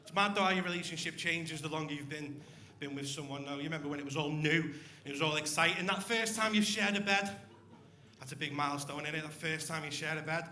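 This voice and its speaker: A man's voice: fairly high pitch, fast talker, bright, forceful tone. A young man doing a crude, swearing stand-up routine with crowd work on a comedy club stage. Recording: echoey club room.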